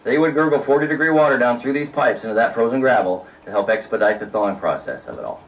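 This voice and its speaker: A man working as a tour guide, explaining mining history to a group outdoors with emphatic, drawn-out storytelling. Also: medium pitch, expressive. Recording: distant outdoor mic with faint noise.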